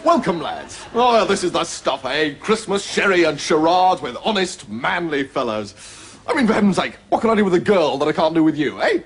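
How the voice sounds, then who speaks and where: An actor playing a foppish, dim-witted young prince with a plummy, guffawing voice, in 1980s sitcom style. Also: male voice, on the high side, lively intonation, normal speed, slightly rough. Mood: jolly.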